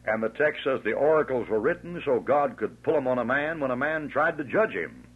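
A man's voice: mid-range voice, lively intonation, husky. Fiery, scornful preacher man on tinny tape. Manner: emphatic, scornful, drawn-out stresses. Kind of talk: fiery sermon.

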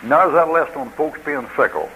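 A man's voice: fairly high pitch, a little fast, fairly bright tone, slight background noise, low-quality recording. A man preaching a sermon in a folksy, joking way, acting out what people say.

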